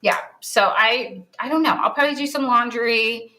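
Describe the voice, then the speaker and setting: A woman's voice: fairly high pitch, moderate pace, bright, forceful tone. A woman with a Southern American twang, chatting and teasing casually while she paints as co-host of a craft show. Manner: chatty, teasing, laughs often.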